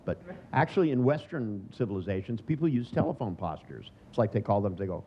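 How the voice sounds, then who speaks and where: A man's voice: on the low side, lively intonation, quick pace, warm tone. A man in his sixties giving a humorous seminar lecture, sardonic in tone and acting out the voices he quotes. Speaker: seminar trainer. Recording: dull lo-fi recording with faint noise.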